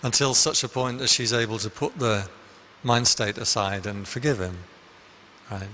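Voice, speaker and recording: A man's voice: mid-range voice, normal speed, sharp tone, slight background noise. A man, a Buddhist monk, giving a conversational dharma talk full of anecdotes in a meditation hall. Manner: conversational, anecdotal, with frequent restarts.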